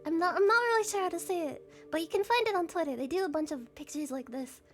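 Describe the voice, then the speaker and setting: Very high-pitched giggly woman streamer. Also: fast, faint music behind. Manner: giggly, rambling, frequent swearing. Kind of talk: casual live-stream chat.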